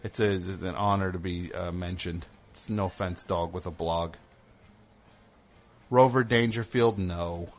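A man's voice: low-pitched, steady tone, unhurried. A man hosting a call-in radio show, reading an ad with a jokey, rambling, mock-earnest manner. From United States.

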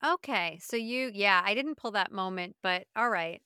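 A woman's voice: mid-range voice, animated, moderate pace, sharp tone, clean tone, no room sound, studio quality. A woman co-hosting a podcast, chatting casually and laughing easily. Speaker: podcast co-host. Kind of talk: casual chat.

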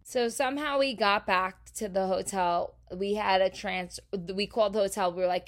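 A woman from New Jersey, a podcast host, telling a story in a casual, animated, profane way. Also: medium pitch, normal speed, hardly any pauses.

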